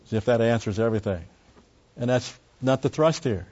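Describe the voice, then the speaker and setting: With a medium-pitched, slightly mellow voice and a somewhat fast delivery, a man teaches a Bible study on a dull lo-fi recording. He explains words closely, emphatically repeating key phrases to drive points home.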